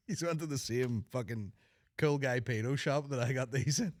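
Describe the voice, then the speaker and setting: This podcast host, a man in his thirties with a Northern Irish accent, keeps his comedy chat crude, sweary and jokey, often putting on mock voices. He has a medium-pitched voice, and the sound is clean studio audio with no room sound.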